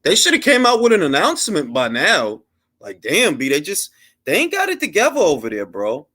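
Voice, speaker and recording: A man's voice: a little high, huge pitch swings, brisk, sharp tone. A man hosting a live boxing talk stream, ranting in a heated, profane, mocking way, with street slang and bits of Spanish. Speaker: boxing livestream host. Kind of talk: casual livestream rant.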